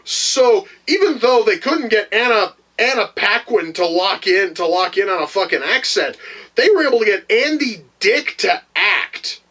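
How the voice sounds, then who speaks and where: Guy with a high voice doing a sweary rambly movie review, keeps restarting lines, gets worked up. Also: moderate pace, rough recording. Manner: profane, rambling, frequent restarts; animated, exasperated. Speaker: film reviewer. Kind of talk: casual spoken film review.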